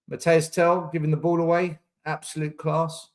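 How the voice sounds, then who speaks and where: A man's voice: a little high, flat delivery, moderate pace, few pauses. A young man hosting a live football watchalong, exasperated, swearing and repeating himself as he reacts. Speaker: fan channel host. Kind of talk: live match watchalong commentary.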